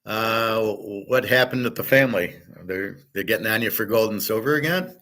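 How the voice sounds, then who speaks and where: Middle-aged male host, lowish voice, blunt rambling casual chat. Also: normal speed, bright, forceful tone. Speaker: show host.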